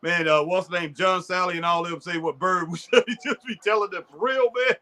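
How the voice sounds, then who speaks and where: A man with a high, bright voice chats casually about old basketball greats. He gets excited quickly and laughs often as he looks back on the old days. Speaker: podcast co-host. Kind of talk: casual sports chat.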